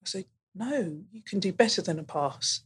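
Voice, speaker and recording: A woman's voice: medium pitch, moderate pace, slightly rough. A middle-aged woman, a college teacher and guest on a podcast, talks casually and acts out her students' replies as she tells classroom stories. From England. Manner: animated storytelling, acting out pupils' replies.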